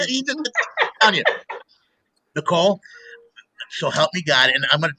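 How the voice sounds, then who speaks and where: Middle-aged male host, bright high voice; lively storyteller who laughs a lot. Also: unhurried, pauses often, no echo, rough recording. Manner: animated storyteller, laughs often. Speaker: show host. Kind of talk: casual radio-style chat.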